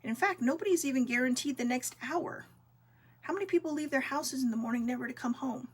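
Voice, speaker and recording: Earnest woman giving a gentle pep talk. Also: high-pitched, fast, breathy edge. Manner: earnest, gentle, uplifting, with many fillers. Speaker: vlog host. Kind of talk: casual heartfelt talk to viewers.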